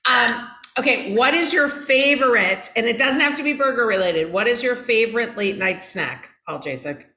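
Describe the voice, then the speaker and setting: A woman's voice: on the high side, moderate pace, roomy sound, rough recording. A woman hosting a casual chat, asking the guest questions and teasing him. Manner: lively, teasing interviewer. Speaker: host.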